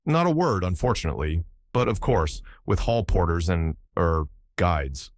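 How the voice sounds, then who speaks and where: A man putting on a jittery male secretary in a storybook reading, his deep voice climbing when caught out and tripping over hesitant ers. The sound is dry and close. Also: lively intonation, normal speed, no room sound. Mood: flustered. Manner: flustered, stammering with hesitant ers. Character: nervous, evasive male secretary. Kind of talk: audiobook character reading.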